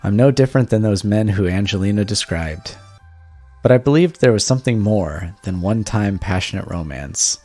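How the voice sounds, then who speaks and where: A man's voice: lowish voice, lively intonation, moderate pace, darkish tone, soft background music. A man voicing a young husband who has just woken from a coma, sounding bewildered as he reads a text game aloud. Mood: brooding.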